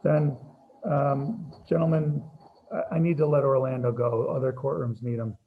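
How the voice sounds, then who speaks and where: A man presides as judge over a hearing held by video call, his voice gravelly and husky with a dark tone. He speaks in an unhurried, procedural way. The computer mic gives dull, lo-fi call audio. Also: mid-range voice, level tone.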